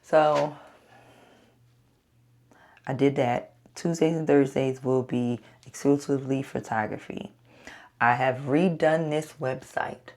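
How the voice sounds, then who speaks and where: A woman's voice: extremely low pitch, steady tone, slow pace, pauses often, a little mellow. A photographer talking to her audience in a casual solo vlog, blunt and self-coaching, swearing freely as she pushes herself on. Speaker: photographer and podcaster.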